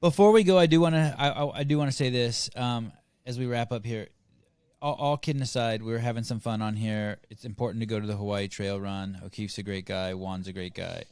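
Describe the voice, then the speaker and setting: A man hosting a podcast, firing off quick questions and wrapping up in an earnest tone. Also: on the low side, steady tone, a little mellow, clear, resonant tone, no echo. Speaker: podcast host. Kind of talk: casual chat.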